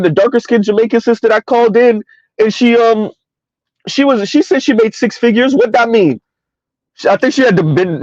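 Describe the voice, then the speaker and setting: A man's voice: sits high, a little mellow, no room sound, muffled recording. A man hosting a casual livestream commentary, emphatic and rambling, chuckling between points. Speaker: commentary channel host.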